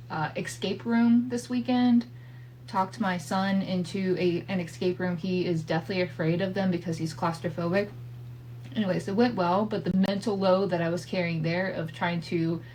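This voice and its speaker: A woman's voice: mid-range voice, a little mellow, poor audio. A woman in her thirties hosting a podcast, telling a family story in a candid, profane way with asides and laughs. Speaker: podcast host. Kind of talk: casual storytelling monologue. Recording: faint hum from a home setup.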